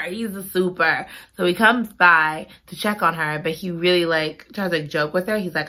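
A woman chatting through a book recap with a bright, forward voice. She gushes and giggles as she talks and piles up repeated exclamations. Her tone stays casual and conversational. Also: fairly low pitch, animated, moderate pace. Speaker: book reviewer.

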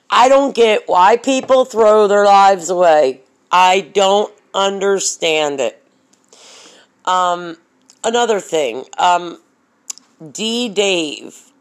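Slow, low-voiced woman ranting. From Baltimore, USA. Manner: blunt and profane, many ums, mocking asides. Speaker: vlogger commenting on local news. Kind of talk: casual rant.

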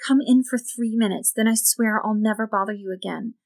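A woman's voice: mid-range voice, a little fast, creaky, natural voice. A woman voicing a defiant teenage girl who is haunted by a demon, insistent and pleading in turn.

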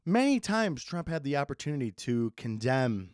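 A man's voice: medium pitch, big pitch swings, darkish tone, clean tone, no room sound, clean studio sound. Sarcastic young man rambling on a podcast. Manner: sarcastic, swears a lot, swings between fast and slow. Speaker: podcast host. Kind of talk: casual solo podcast rambling.

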